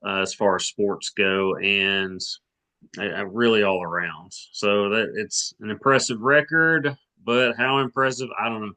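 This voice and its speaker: A man's voice: on the low side, steady tone, measured pace, bright, forceful tone. A man of around forty from Arkansas, co-hosting a sports podcast in casual chat, rambling with many restarts and hedges.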